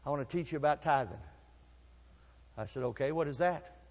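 An older pastor preaches with a high voice, telling folksy stories in low asides before rising to shouted calls. His words ring out with a long reverb, as in a church sanctuary. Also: a little fast. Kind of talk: sermon.

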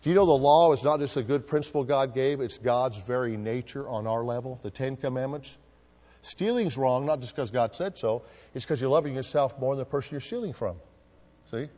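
A man's voice: mid-range voice, a little fast, warm tone, long reverb tail. A male pastor preaching a sermon, drawing answers from the congregation with call-and-response questions.

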